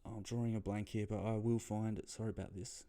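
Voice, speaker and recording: A young adult man with an Australian accent talks footy in a loose solo vlog. His voice sits a little low. He rambles, swears a lot and trails off when he loses his thread. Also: flat delivery, a little fast, dark tone. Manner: rambling and heavily profane, loses his train of thought. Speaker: footy tipping vlogger. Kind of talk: casual solo commentary.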